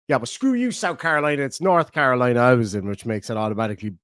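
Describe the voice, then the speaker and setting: A middle-aged Irish man talks very fast in a smooth, mid-range voice that's a bit bright while hosting a livestream. He rambles, jokes and chats casually as he reads viewer comments, and the clean studio sound has no echo.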